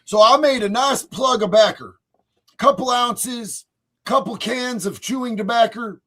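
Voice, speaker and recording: A man hosting a livestream, telling crude stories in a profane, boisterous way, swinging between loud bursts and mutters. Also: extremely high pitch, measured pace. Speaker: streamer host. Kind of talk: crude comedic storytelling on a livestream.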